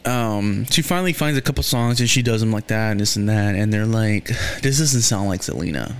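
A man's voice: lowish voice, fairly even intonation, a little fast, clean tone. A man casually recapping episodes of a TV series, rambling with lots of fillers and restarts and swearing freely. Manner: swears freely and gets heated. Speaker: show recapper.

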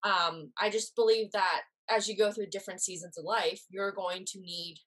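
A woman's voice: medium pitch, steady tone, moderate pace, fairly bright tone. A woman guest on a podcast, candidly telling a personal story and acting out quoted dialogue.

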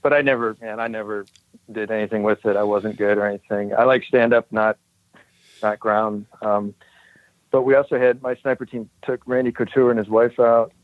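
A man's voice: fairly low pitch, moderate pace, no room sound. Guest man, dry close sound, slightly dull, easygoing storyteller who laughs at himself. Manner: relaxed storytelling, self-deprecating, laughs often. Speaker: guest, former special operations soldier. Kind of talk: casual podcast chat.

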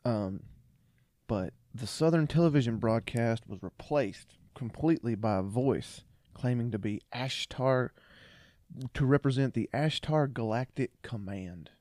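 Mellow-voiced man on a podcast. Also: medium pitch, expressive, unhurried, dry recording, studio quality. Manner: laughs often, trails off and restarts. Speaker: podcast co-host. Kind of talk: casual chat.

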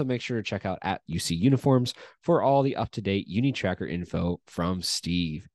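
A man's voice: low voice, normal speed, hardly any pauses, darkish tone, dry recording, studio quality. A man hosting a sports podcast, chatting casually and upbeat, laughing easily. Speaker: podcast host.

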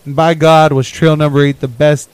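A young adult man telling a story in casual podcast chat, rambling and laughing as he talks, with his phrase ends often trailing off quietly. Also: a little high, flat delivery, moderate pace, smooth, no echo, low-quality recording. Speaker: podcast co-host.

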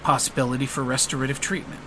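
A man voicing a calm, quiet businessman who talks softly and plainly. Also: medium pitch, fast, background noise, close to an everyday voice. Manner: soft-spoken and matter-of-fact.

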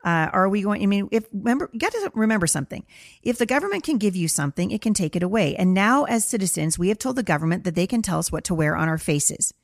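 A woman's voice: medium pitch, expressive, quick pace, gravelly, no echo. A woman hosting her own show, answering a listener in an impassioned monologue, earnest and emphatic, repeating phrases for stress, close to tears. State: near tears. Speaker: podcast host responding to a listener.

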